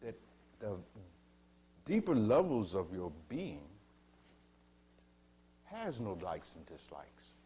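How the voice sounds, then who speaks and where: A man giving a spiritual teaching talk, slow and measured, asking his listeners rhetorical questions and calling them beloved. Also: on the low side, wildly swooping pitch, dark tone, a little hiss or hum.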